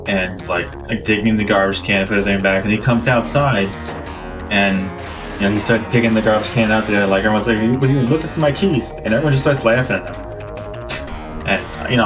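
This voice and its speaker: Rambling low-voiced man telling stories. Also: far from the mic. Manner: rambling anecdotes, many fillers and restarts. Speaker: gaming streamer. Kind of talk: casual storytelling while playing.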